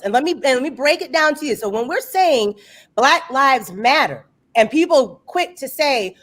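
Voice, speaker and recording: High, lively emphatic woman host. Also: moderate pace. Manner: emphatic, preacherly, repeats points for stress. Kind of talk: impassioned discussion.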